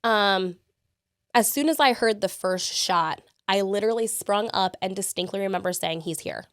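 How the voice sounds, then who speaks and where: A woman's voice: medium pitch, moderate pace, fairly bright tone, clean tone, dry recording, studio quality. A woman in her thirties, a podcast guest, telling her story step by step and acting out what people said. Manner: vivid step-by-step recounting, acting out quotes. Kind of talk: interview storytelling.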